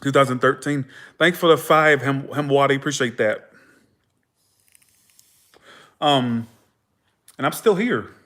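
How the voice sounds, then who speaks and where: A man's voice: medium pitch, normal speed. A young man hosting a livestream, telling his stories casually with swearing and acting out the people in them. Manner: animated, profane, acts out dialogue in his stories. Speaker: tarot livestream host.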